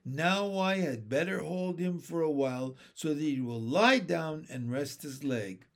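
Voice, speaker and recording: A gentle, motherly girl, read by a man. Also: a little high, unhurried. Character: kind, capable older sister, a girl.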